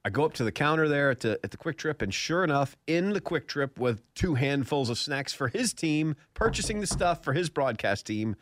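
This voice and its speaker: With a slightly high, somewhat bright voice and big pitch swings, a man hosts a golf radio show at normal speed with few pauses. He tells stories and cracks jokes through a scratchy throat, laughing often in casual studio conversation.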